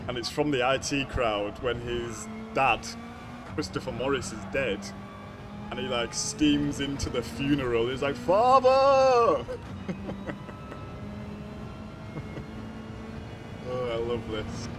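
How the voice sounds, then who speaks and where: This racing game streamer, a young man, has a mid-range voice with fairly even intonation and a measured pace. He talks casually with his live-stream audience, calling out viewers by name and laughing a lot, while engine sounds from the game play in the background.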